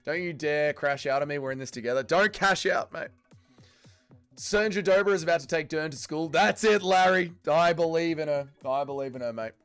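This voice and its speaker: A man's voice: fairly high pitch, fairly quick, a bit bright, clear, resonant tone, soft background music. A young man hosting a casual livestream watch-along, reading viewer chat aloud, bantering and swearing freely. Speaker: livestream host.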